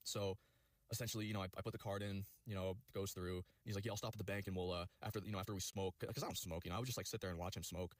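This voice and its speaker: A man tells a long personal story at breakneck speed, swearing constantly and piling up fillers. His voice sits somewhat low. The sound is dry and close to the mic. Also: steady tone, no echo. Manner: rapid, profane, rambling with many fillers. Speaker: vlogger telling a personal story. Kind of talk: rambling storytelling.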